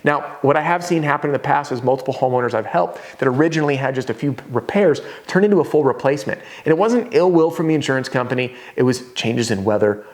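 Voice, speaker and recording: A man teaching roofing sales at a whiteboard in a casual, energetic way, now and then acting out homeowners' voices. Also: medium pitch, fast, few pauses. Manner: casual, conversational teaching with asides.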